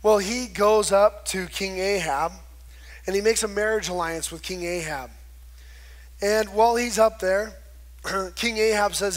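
A man's voice: sits high, measured pace, long pauses. A man preaching a conversational sermon, retelling scripture and acting out the quoted voices. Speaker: pastor.

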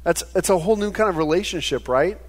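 Male pastor, 30s, lightly high voice, animated conversational sermon. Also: quick pace. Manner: conversational, animated preaching with stammered restarts.

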